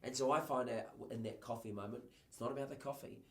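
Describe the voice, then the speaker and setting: A man in his fifties with a New Zealand accent, a guest on a podcast, telling lively stories and acting out the voices of people he quotes. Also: mid-range voice, fast, echoey room. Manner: lively storyteller who acts out quotes in voices. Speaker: guest, TV presenter and communication coach. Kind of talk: casual podcast conversation.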